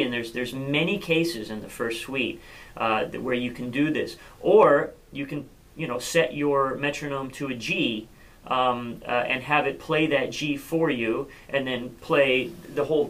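A man's voice: mid-range voice, fairly bright tone, rough recording. A man giving an unscripted cello lesson, thinking aloud with many fillers and restarts. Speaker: cello teacher. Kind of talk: instructional talk.

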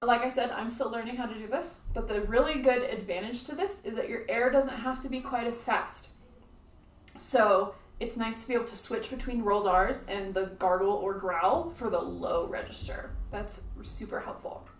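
A woman flute teacher explaining playing techniques in a friendly, clear instructional video. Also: fairly high pitch, normal speed, echoey room, recorded from a distance.

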